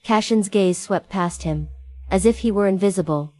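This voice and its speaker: A woman narrating a first-person story in a steady, even manner. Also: medium pitch, moderate pace, faint music behind, poor audio.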